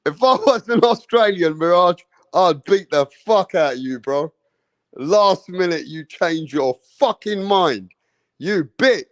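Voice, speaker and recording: Guy ranting about boxing, high voice, slow drawn-out taunts, swears a lot. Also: animated, dry recording. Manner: mocking, profane, repeating taunts. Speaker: boxing commentator host. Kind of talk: ranting reaction commentary.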